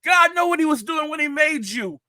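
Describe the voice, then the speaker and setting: A man voicing a brash male street catcaller with a New York accent, calling out loudly. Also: very high voice, expressive, moderate pace, dry recording, studio quality, voice pushed up, full character voice. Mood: hollering. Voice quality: loud, brash.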